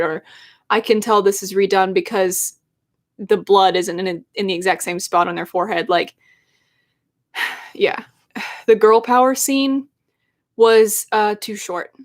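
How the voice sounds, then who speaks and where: A woman's voice: medium pitch, fairly even intonation, moderate pace, long pauses. A young adult woman who is a YouTuber, chatting casually and emotionally on a live stream in a rambling way. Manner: emotional, rambling fan talk.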